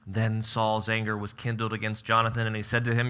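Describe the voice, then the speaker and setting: Bright-voiced, dramatic male preacher. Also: fairly low pitch, monotone, brisk, few pauses, smooth. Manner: emphatic, dramatic scripture reading. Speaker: pastor. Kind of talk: sermon.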